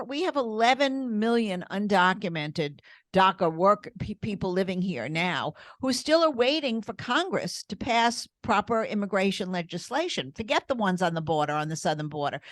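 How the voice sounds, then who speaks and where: A woman's voice: medium pitch, no echo. Older woman, grandmother co-host, emphatic, opinionated chat, dry recording. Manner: emphatic, talks in long runs with fillers.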